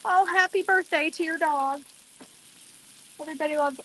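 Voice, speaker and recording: Woman vlogger cooking outside on her deck, bit high-pitched, chatty, lots of exclaiming to the camera. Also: moderate pace, fairly bright tone. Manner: chatty, exclamatory, talks straight to viewers. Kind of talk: casual chat while cooking. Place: outdoor deck.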